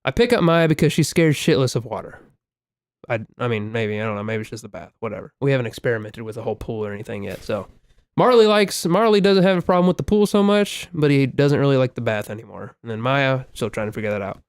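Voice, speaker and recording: A man co-hosting a podcast, telling stories in a casual, profane and animated way, with loud exclaimed quotes. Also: medium pitch, fast talker, smooth, dry recording, clean studio sound. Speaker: podcast co-host. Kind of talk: casual chat, storytelling.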